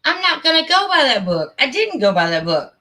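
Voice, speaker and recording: A woman's voice: sits high, sing-song, a little fast, bright, forceful tone. A middle-aged woman hosting a casual live stream, talking in a heartfelt, rambling and emphatic way. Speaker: channel host.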